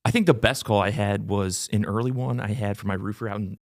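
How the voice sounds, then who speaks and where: A young sales rep telling work stories in a relaxed podcast chat, full of ums and small laughs. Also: male voice, on the low side, a little fast. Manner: relaxed storyteller with fillers and laughs. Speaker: new business development rep, guest.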